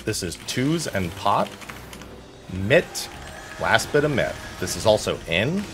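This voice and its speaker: A man on voice chat, calling out raid positions in clipped words before breaking into overjoyed near-tearful shouting. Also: on the low side, sing-song, takes it slowly, background noise. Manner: terse callouts, then shouting with joy. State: near tears. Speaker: raid caller and streamer. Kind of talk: voice chat during a game raid. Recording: game music behind. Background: game music.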